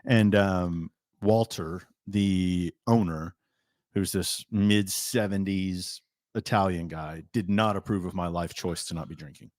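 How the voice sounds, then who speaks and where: A man hosting a podcast, chatting casually and retelling a dinner story with lively storytelling. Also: low-pitched, unhurried, dry recording, studio quality. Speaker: podcast host. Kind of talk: casual chat.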